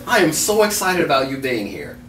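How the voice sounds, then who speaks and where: A talk show host interviewing a guest, enthusiastic and a little halting. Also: male voice, on the high side, very animated, a bit bright, far from the mic, a little hiss or hum. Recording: roomy, off-mic.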